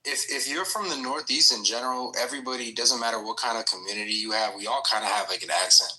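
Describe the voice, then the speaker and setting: A man's voice: medium pitch, fast talker, pushed and bright, rough recording. A man in a heated online debate who defends himself against the others' challenges.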